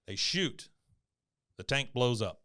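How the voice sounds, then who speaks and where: Podcasteur détendu à la voix claire. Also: male voice, medium pitch, expressive, slow pace, pushed and bright. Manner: laid-back, chuckling storyteller. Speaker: podcast co-host. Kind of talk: casual episode recap.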